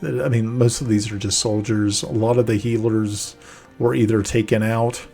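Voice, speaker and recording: Gravelly man narrating as game master. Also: fairly low pitch, fairly even intonation, mellow, faint music behind. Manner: halting, searching for words mid-sentence.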